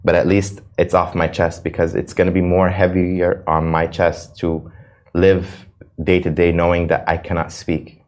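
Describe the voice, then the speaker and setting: Low and a little mellow, this American interview guest's voice stays completely flat even as he talks with earnest passion at a moderate pace. The conversation is emotional, and he frequently starts his sentences over.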